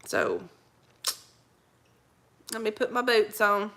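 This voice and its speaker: A woman's voice: mid-range voice, wildly swooping pitch, takes it slowly, fairly bright tone. A woman hosting a casual live chat, greeting viewers by name, rambling in folksy slang and laughing often. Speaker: livestream host reading viewer comments.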